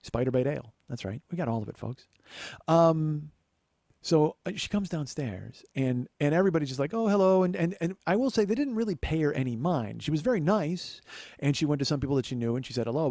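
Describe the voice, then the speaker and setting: Profane, animated comic storyteller, man. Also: medium pitch, no room sound. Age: 40s. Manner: animated, profane, self-deprecating asides. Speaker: podcast host. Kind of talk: comedic storytelling monologue.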